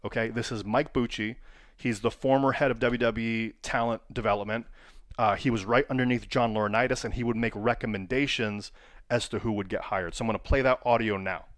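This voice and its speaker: A man of middle pitch leads an online training lesson, asking his viewers question after question. He coaches in a plain, direct way. The recording is dry and close. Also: steady tone, brisk, no room sound. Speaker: wrestling coach.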